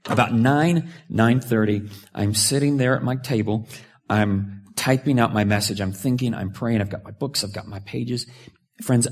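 Gravelly-voiced pastor telling a story. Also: male voice, mid-range voice. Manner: storytelling, animated swings from hushed to loud. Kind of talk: sermon.

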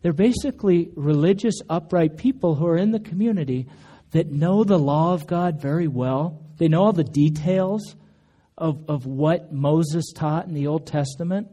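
Man, pastor, conversational sermon, mellow tone, slightly high voice, church. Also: normal speed. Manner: conversational storytelling, acts out quotes with raised pitch. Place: church sanctuary.

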